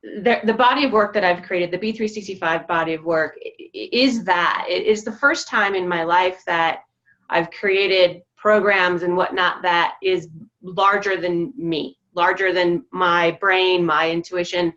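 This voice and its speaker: A woman sharing her feelings over a group video call, halting and reflective with many pauses and restarts. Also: lowish voice, fairly even intonation, a bit bright, muffled recording. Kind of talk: casual personal sharing.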